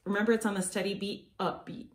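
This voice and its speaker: A woman's voice: mid-range voice, little pitch movement, quick pace, reverberant, very noisy. A young woman teaching a children's music lesson, upbeat and encouraging, counting beats aloud. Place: room at home.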